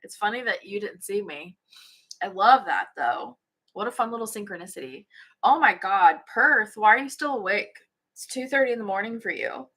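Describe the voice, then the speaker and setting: A woman's voice: medium pitch, a bit bright, slightly rough. A woman hosting a casual livestream, chatting bubbly with viewers and yawning often. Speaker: spiritual channel host. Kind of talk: casual livestream chat reading comments. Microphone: phone or webcam livestream.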